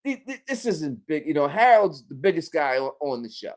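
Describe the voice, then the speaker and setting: A man's voice: a little high, big pitch swings, normal speed. A man co-hosting a fan podcast, talking in an emphatic, casual way and often asking "you know what I mean". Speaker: co-host.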